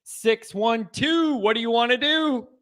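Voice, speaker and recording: Hosting a laid-back sports call-in show, this man chats football with callers in a lively, emphatic, homespun style. His pitch is extremely high, and he never hurries.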